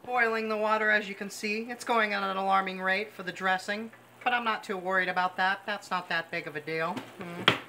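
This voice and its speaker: A man's voice: high-pitched, steady tone, a little fast, hardly any pauses. A man hosting a mock cooking show, gushing pompously over every dish as he works in a home kitchen. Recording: noisy kitchen sound.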